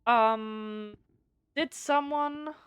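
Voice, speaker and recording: A woman, a native German speaker, streaming a game with casual commentary, animated and swearing freely while reading text aloud. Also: on the high side, very slow, clear, resonant tone, no room sound.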